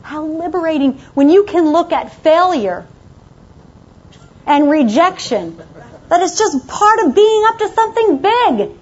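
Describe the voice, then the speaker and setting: A woman with a high voice delivers a motivational talk to an audience, pressing her points with emphatic, repeated commands. The recording is muffled and lo-fi. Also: expressive, unhurried. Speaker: motivational speaker.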